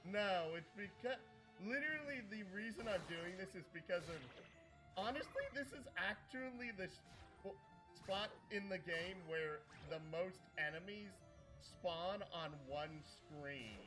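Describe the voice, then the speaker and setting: High-voiced laid-back man streaming. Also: lively intonation, measured pace, music in the background. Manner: laid-back, explains game mechanics. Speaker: streamer playing a retro game. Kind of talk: casual chat while gaming.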